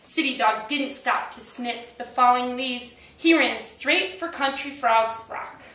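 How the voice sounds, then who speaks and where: A woman reading a picture book aloud, telling the story slowly and deliberately, recorded on a handheld camcorder. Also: on the high side, sharp tone, a little hiss or hum. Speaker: storybook reader. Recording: roomy, recorded from a distance.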